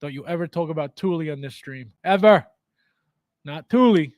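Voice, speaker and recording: A man's voice: on the high side, moderate pace, a little mellow, no echo, studio quality. A man hosting a casual livestream from his home basement, greeting viewers by name, reading chat aloud and laughing often. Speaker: livestream host.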